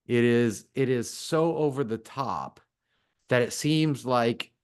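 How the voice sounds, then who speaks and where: A man's voice: medium pitch, takes it slowly, clean tone. Man in casual podcast chat. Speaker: podcast co-host. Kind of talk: casual book discussion.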